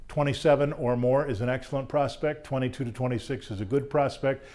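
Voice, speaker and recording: A man's voice: medium pitch, steady tone, fairly quick, warm tone. Male sales trainer, jokey, upbeat lecture to members.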